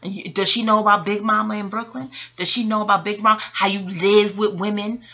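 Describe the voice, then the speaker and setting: A woman, telling a personal story to her viewers in a casual, profane and animated monologue. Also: medium pitch, a little fast, muffled recording, a little hiss or hum. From New York. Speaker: vlogger.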